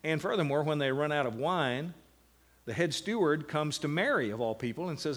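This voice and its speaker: Slow-stressing male Bible teacher. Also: on the high side. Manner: slows to stress single words, lively asides. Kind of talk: teaching a class on Bible meditation.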